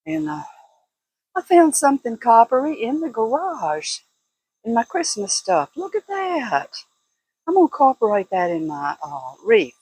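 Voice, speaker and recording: A woman's voice: fairly high pitch, very animated, unhurried, a little mellow, breathy edge, rough recording. An older woman chatting casually to camera as a vlogger, laughing often in a folksy way. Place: at home, walking indoors and out.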